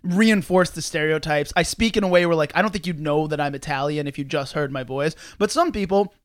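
A man's voice: fairly high pitch, fairly quick, clean tone, no echo, clean studio sound. A man hosting a podcast, chatting casually in a joking, self-deprecating way and laughing often. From United States. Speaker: podcast host.

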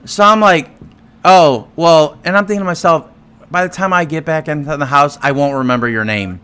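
Man, slightly high voice, podcast co-host, animated storyteller, profane, acts out dialogue. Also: fast talker, smooth. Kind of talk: casual storytelling chat.

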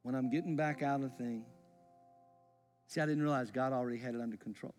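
A man, preaching a sermon as a pastor, his voice swelling with feeling and then falling to a near hush. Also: medium pitch, steady tone, fast, soft background music. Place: church sanctuary. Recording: long reverb in a large hall.

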